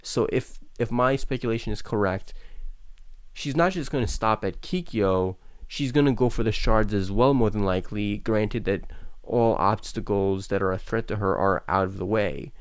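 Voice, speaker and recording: A man's voice: fairly low pitch, moderate pace, clean tone, no room sound. A young man hosting an anime reaction, talking casually in long rambling thoughts that stammer and restart often.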